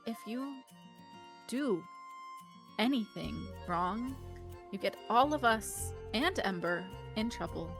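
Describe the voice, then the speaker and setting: A woman's voice: a little high, lively intonation, slow, pauses often, music in the background. A woman playing a tabletop role-playing game, speaking firmly and teasingly. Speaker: player.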